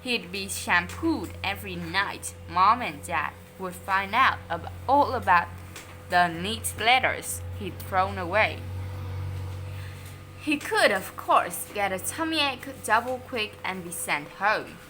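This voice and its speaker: A woman whose first language is Vietnamese, reading a children's story aloud in an expressive storytelling manner. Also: medium pitch, slow pace, faint music behind.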